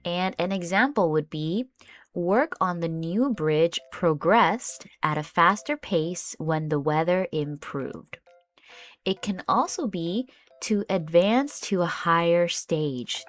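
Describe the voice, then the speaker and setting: Woman teacher, low voice, unhurried and patient, soft music underneath. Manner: patient, explains words step by step with example sentences. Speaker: English vocabulary teacher. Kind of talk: slow, clear vocabulary lesson.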